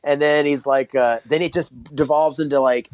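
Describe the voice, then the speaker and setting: A man co-hosting a comedy podcast, rambling through stories with frequent restarts and casual swearing. His voice is pitched a little high for a man. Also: steady tone, moderate pace, clean tone, no echo. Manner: rambling, many fillers and restarts, profane. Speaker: podcast co-host.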